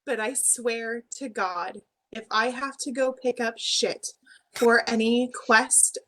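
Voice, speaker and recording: A woman on a gaming roundtable speaks in a bright, sharp voice. She takes her time, pitched somewhat high, and lays out her views with emphatic force. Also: takes it slowly, low-quality recording. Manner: emphatic, ranting, laughs often. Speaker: panelist. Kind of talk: casual gaming roundtable chat.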